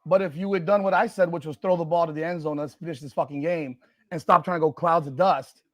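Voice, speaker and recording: A man hosting a live watch party, reacting loudly and profanely to a football game and arguing with the chat. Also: on the high side, fast. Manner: excitable, profane, argues with chat and the broadcast.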